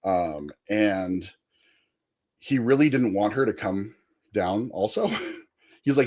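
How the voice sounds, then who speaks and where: Podcast guest, young man, animated storyteller with a lively voice. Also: lowish voice, slow, long pauses. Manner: animated, laughing, rambling anecdote. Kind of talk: casual storytelling.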